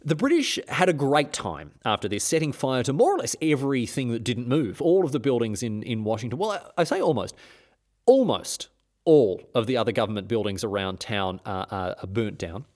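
A man's voice: medium pitch, very animated, normal speed, a little mellow. A man hosting a history podcast, telling the story in a jokey, sarcastic way with many restarts.

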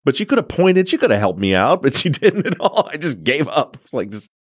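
A man's voice: a little high, sing-song, brisk, husky, no echo, clean studio sound. A man hosting a casual interview, easygoing and self-deprecating, laughing often. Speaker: podcast host.

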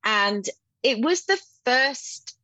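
Husky-voiced English woman in her forties. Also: a little high, lively intonation, extremely slow, sharp tone, no echo. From England. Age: 40s. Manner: chatty, laughs often, self-deprecating. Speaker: guest. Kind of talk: casual podcast chat.

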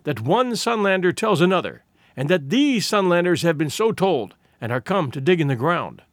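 A man's voice: sits high, big pitch swings, moderate pace, dry recording, clean studio sound. A man voicing a shrewd tribal orator making a rhetorical, building speech in a storybook reading. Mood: persuasive.

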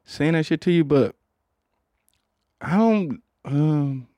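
A man's voice: fairly high pitch, animated, takes it slowly, mellow, dry recording. A man hosting a podcast, chatting in a loose, rambling, profane way with lots of fillers, recorded in a studio booth. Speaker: podcast host. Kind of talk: casual podcast chat.

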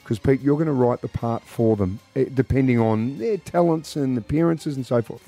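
A man's voice: medium pitch, dark tone, soft background music. A man hosting a morning radio show, chatting in an upbeat, jokey way with his guest and co-host. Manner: jokey, upbeat, quick asides. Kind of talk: casual radio chat.

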